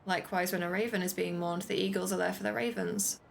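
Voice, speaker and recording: A woman's voice: lowish voice, fairly even intonation, quick pace, vocal fry, slight background noise. A woman streaming a game, chatting casually, laughing often, and reading on-screen text aloud.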